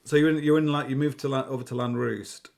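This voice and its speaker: A man's voice: medium pitch, fairly even intonation, fast talker, gravelly, a little mellow. A middle-aged man hosting a casual podcast interview, chatty and prompting with questions, often laughing. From England. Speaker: podcast host.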